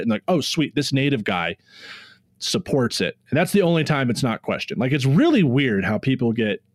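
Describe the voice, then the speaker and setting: A young man co-hosting a podcast, talking casually in animated bursts full of "like". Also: medium pitch, no room sound, clean studio sound. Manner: animated, quick bursts with frequent "like" fillers. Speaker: podcast co-host. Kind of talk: casual chat.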